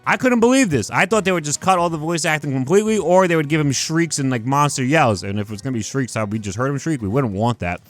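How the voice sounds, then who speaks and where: Animated young man ranting about a game. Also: fairly high pitch, fast, hardly any pauses, music in the background. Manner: animated and emphatic, swears freely. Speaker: gaming video host. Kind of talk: casual video-game skin review.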